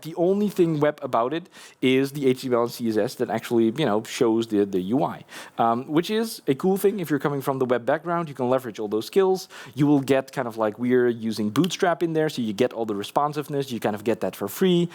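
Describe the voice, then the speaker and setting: A man's voice: mid-range voice, darkish tone. Chatty man giving a conference tech talk. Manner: casual, chatty, many fillers and restarts. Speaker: conference speaker. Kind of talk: live tech talk with demo. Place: conference hall.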